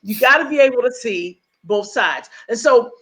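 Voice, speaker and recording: A middle-aged woman speaking as a guest on leadership, emphatic and animated, acting out bits of dialogue as she teaches. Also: a little high, moderate pace. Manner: emphatic, acts out quoted dialogue.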